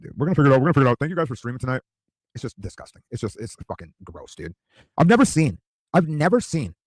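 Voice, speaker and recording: A man's voice: mid-range voice, a little mellow, husky, no room sound. A man in his fifties, a streamer ranting crudely and rambling, full of profanity and "dude.". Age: 50s.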